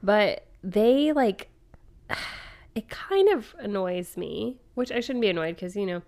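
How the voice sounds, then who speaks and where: A woman with a middle-pitched voice co-hosts a casual chat podcast. She talks in a relaxed, rambling way and fills her sentences with casual filler words. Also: slow pace. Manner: relaxed, chatty, many "like" fillers. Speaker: podcast co-host.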